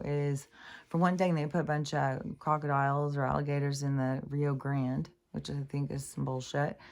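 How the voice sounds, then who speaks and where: Middle-aged woman, low voice, loose rambling vlog talk full of ums and curse words. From Pacific Northwest US. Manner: rambling, profane, many fillers and restarts. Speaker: spiritual vlogger. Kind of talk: casual rambling monologue.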